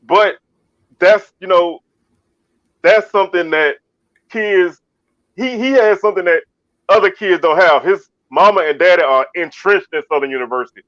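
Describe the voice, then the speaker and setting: A man's voice: sits high, moderate pace, long pauses, fairly bright tone, dry recording. A man from Baton Rouge, co-hosting a casual sports talk show, often restarting and repeating his words. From Baton Rouge, Louisiana. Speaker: co-host. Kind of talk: casual chat. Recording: dull lo-fi dry sound.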